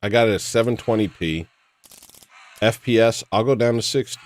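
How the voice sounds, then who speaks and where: A man chatting casually while gaming, telling rambling, self-deprecating stories with wry, deadpan humor. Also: on the low side, normal speed.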